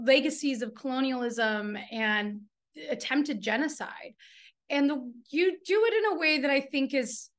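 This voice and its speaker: Woman, high voice, bright tone, effusive and fast, video call interview. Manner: effusive, quick, laughing, gets emotional. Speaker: interviewing author, fellow writer and professor. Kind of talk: virtual book launch conversation. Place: home in Texas.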